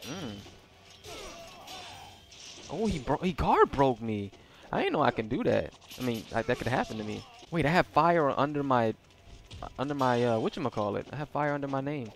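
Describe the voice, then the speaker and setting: Man, let's-play commentary, slangy, joking reactions, mid pitch. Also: very animated, moderate pace, vocal fry, pauses often. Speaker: gameplay commentator.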